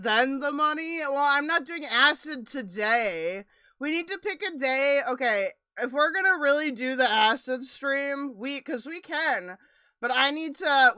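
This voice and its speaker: Female co-host, playful and candid, bright and smooth, dry close sound. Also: high-pitched, no room sound. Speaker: livestream co-host. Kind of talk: casual livestream chat.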